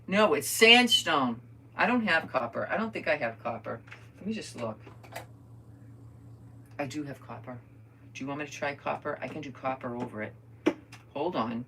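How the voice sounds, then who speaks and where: Chatty older woman with a bright voice. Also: low-pitched, gravelly, a little hiss or hum. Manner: chatty, rambling storyteller, talks to viewers as friends. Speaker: crafter vlogger. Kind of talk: casual crafting chat to viewers.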